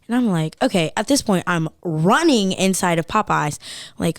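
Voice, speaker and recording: Animated young woman telling a story. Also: mid-range voice, moderate pace, no room sound, studio quality. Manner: animated, says "like" a lot. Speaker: podcast guest. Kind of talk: casual storytelling chat.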